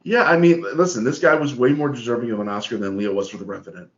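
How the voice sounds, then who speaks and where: A man in easygoing movie banter who stumbles through restarts and leans on "listen" to make his points. His pitch is mid-range, and the sound is echoey and slightly muffled. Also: fast talker. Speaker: podcast co-host. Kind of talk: casual movie-review chat.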